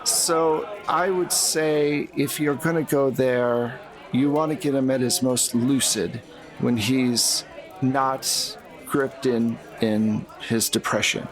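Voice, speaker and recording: A man's voice: mid-range voice, steady tone, takes it slowly, soft background music, lightly acted. A man playing a shrewd seventy-two-year-old woman in a tabletop game. She speaks in a wry, world-weary way and haggles hard.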